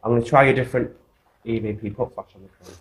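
Speaking fast with fairly even intonation and medium pitch, an earnest man runs a live paranormal investigation on castle grounds. He coaxes the spirit and chats with viewers through the phone he holds to stream.

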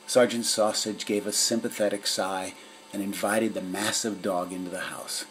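A man narrating a children's story in an expressive storytelling manner. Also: lowish voice, moderate pace, a little hiss or hum, poor audio. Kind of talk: storybook reading.

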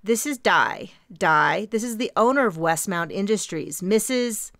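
An excitable young woman tumbles out her words in an eager rush, as a woman puts her on. Her voice sits a touch higher than the narration, with a slight vocal fry. It is recorded close and dry for an audiobook. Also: no room sound. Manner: rushed, eager.

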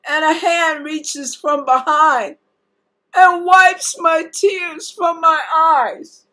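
A woman preacher, giving an earnest sermon. She talks slowly and sincerely, and her voice can break with feeling. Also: extremely high pitch, fairly even intonation, pushed and bright. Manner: emotional, tearful at times, earnest. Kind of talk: sermon-style teaching and testimony.

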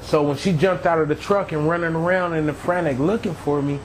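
A man telling his own near-death story as a testimony, earnest and animated, acting out what others said. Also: on the high side, a little fast, slight background noise, rough recording. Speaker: testimony speaker. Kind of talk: personal testimony.

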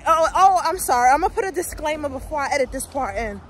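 A woman's voice: sits high, lively intonation, quick pace, a little hiss or hum. A woman vlogger giving a heated, profane, emotional movie rant straight to her viewers, talking casually to a phone camera outdoors.

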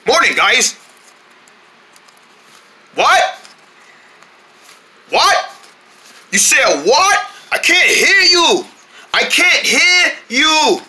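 A man voicing an excitable young male cartoon deer who shouts and complains at everyone. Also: extremely high pitch, slight background noise, full character voice. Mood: indignant. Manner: shouty, indignant, quick to complain. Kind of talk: cartoon voice acting.

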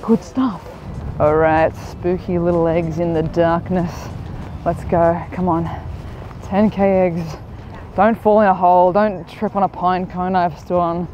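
Chatty, excitable young woman vlogging outdoors. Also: lowish voice, measured pace, lo-fi sound, a little hiss or hum. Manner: chatty, excitable, self-mocking. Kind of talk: casual vlog chat. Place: outdoors in the desert at a live event.

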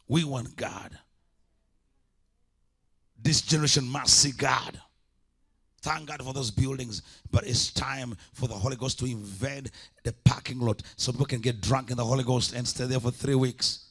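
A man's voice: mid-range voice, steady tone, moderate pace, a bit bright, breathy edge. A man preaching a sermon as an evangelist, impassioned, with repeated call-and-response lines.

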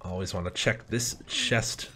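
Lively young man narrating gameplay. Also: fairly low pitch, a little slow, a little hiss or hum. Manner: animated, swearing, rambling with many fillers. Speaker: gaming channel host. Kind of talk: casual gameplay commentary and storytelling.

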